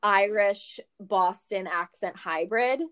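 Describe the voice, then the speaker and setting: A young American woman chatting with friends, telling lively stories full of fillers. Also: medium pitch, takes it slowly. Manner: animated storyteller, lots of fillers. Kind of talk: casual chat.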